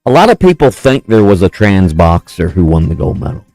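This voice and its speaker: Blunt sports radio co-host, dry mic. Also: male voice, low-pitched, big pitch swings, a little fast, darkish tone, no room sound, faint music behind. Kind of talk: casual sports talk and live-read ad.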